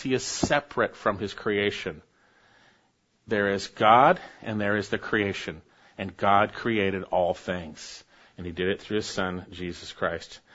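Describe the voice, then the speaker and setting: A man preaching a sermon, reading scripture aloud and building to sudden emphatic rises in pitch and force. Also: a bit bright, lo-fi sound. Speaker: pastor.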